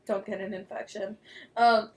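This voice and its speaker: A woman co-hosting an explicit casual chat, telling a story in an animated way with loud bursts of laughter. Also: medium pitch, moderate pace. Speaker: podcast co-host.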